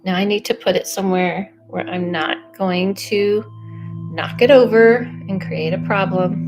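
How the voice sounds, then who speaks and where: Young adult woman, casual psychic livestream host, chatty and self-interrupting, mid-pitched, soft music bed. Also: steady tone, unhurried. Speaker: psychic medium doing live readings.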